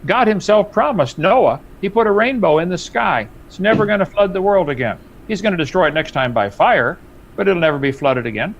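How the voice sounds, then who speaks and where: Man debating hard, pitch shoots up on his points, bit of hiss. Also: lively intonation, a little fast, highs cut off. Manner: emphatic, rises high when pressing a point. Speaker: debate guest. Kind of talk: heated live-stream debate.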